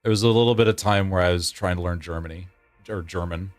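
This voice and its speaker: Low-voiced man chatting and laughing. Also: quick pace, soft background music. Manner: laughing, rambling, often restarting sentences. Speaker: streamer. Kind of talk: casual gameplay chat with viewers.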